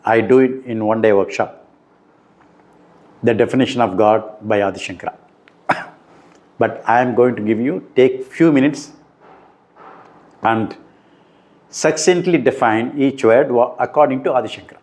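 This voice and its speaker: A middle-aged man, giving a slow, deliberate spiritual talk that turns emphatic on key points. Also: medium pitch, darkish tone. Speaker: spiritual teacher. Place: room indoors.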